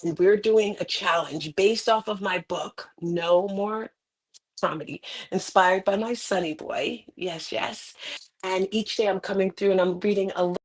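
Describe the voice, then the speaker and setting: Middle-aged woman, motivational author, dramatic personal storyteller with sudden swells. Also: a little slow. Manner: dramatic, with sudden rises in pitch and volume. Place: indoors on a carpeted floor.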